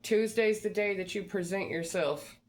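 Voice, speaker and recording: A woman's voice: medium pitch, normal speed. A woman hosting a motivational advice talk, coaching listeners in a direct, repetitive pep-talk manner. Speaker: job-search advice host.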